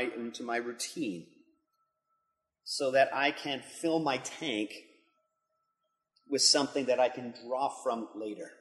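A middle-aged man, a pastor and school leader, giving an earnest devotional talk that builds to emphatic intensity. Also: medium pitch. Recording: long hall reverb.

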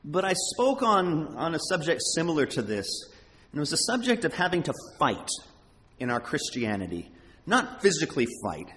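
Animated preacher in a reverberant hall. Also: male voice, fairly high pitch, a little hiss or hum. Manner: animated, emphatic, halting restarts. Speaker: pastor. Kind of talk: sermon.

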